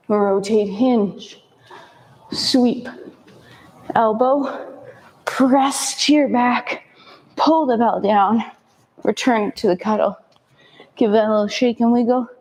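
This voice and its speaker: A woman fitness instructor calmly cueing a kettlebell workout with short step-by-step commands, breathing hard between sets. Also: fairly high pitch.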